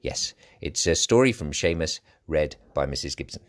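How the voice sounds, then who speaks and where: A man hosting a school radio show, upbeat and brisk as he announces the items. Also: a bass voice, lively intonation.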